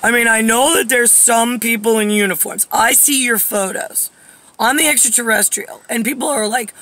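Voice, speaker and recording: A woman's voice: on the high side, fairly even intonation, moderate pace, sharp tone. A woman in her forties talking straight to camera in a rambling personal monologue, wandering off topic with lots of fillers and getting heated enough to swear. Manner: digressive, many fillers, grows heated and swears. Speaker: vlogger.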